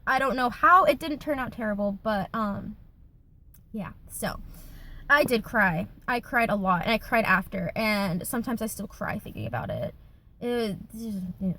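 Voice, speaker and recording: A woman's voice: on the high side, animated, moderate pace, pushed and bright. A woman in her twenties, chatting casually in a Q&A vlog from her car, with lots of fillers and giggles. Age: 20s. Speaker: YouTuber.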